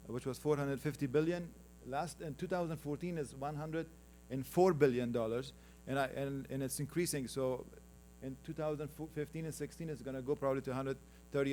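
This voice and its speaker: A man's voice: a little high, warm tone, a little hiss or hum. A man from Afghanistan with an Afghan accent, giving a conversational conference presentation with slides and joking with the audience. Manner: conversational, teasing the audience, calls for next slides. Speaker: conference panel speaker.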